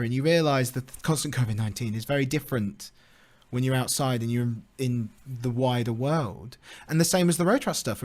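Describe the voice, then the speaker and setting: A young man with a British accent tells a personal story at a conference talk. His pitch sits in an ordinary middle range. He rambles in a chatty, self-deprecating way, leaning on fillers. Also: fairly quick. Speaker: lightning talk speaker.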